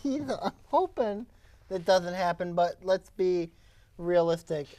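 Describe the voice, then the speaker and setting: Middle-aged lady, bit low voice, sassy, very dry sound. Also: slow, no room sound. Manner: sassy, animated. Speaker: panelist. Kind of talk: casual sports talk.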